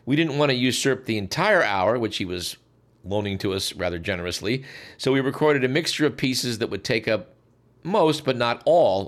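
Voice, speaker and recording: A male radio host reads a scripted account in a dry, formal manner with wry asides. His voice sits at a middle pitch. The delivery stays measured throughout. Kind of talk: scripted narration.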